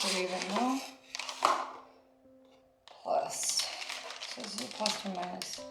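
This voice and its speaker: Woman vlogger, casual confessional delivery, rambling with fillers, at times hushed; echoey room, music bed. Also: medium pitch. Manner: rambling and chatty, heavy use of "like" and "um".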